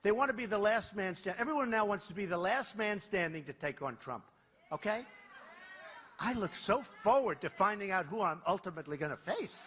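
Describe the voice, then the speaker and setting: Male candidate at a rally: husky, very animated, boastful, off-the-cuff. Muffled lo-fi sound. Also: sits high, brisk. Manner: rambling, boastful, conversational storytelling. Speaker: presidential candidate. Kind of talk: campaign rally speech. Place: large rally venue.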